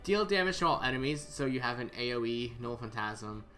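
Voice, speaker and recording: Male game reviewer, casual and bright, middle pitch, hesitant repeats, faint music underneath. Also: expressive, a little fast. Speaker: game content creator.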